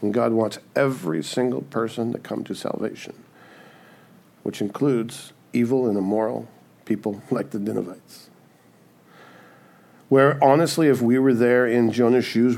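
Gravelly-voiced male pastor preaching. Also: mid-range voice, steady tone, moderate pace, darkish tone. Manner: conversational, often asks "right?"; acts out quoted voices in asides. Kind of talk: sermon.

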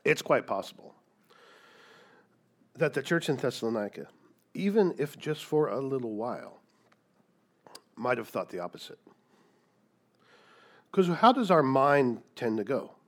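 A male pastor delivers a sermon in an emphatic way. He leans on rhetorical questions and repeats key words, with a voice of ordinary middle pitch for a man. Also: big pitch swings, measured pace, long pauses, fairly bright tone. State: coughing, dry throat.

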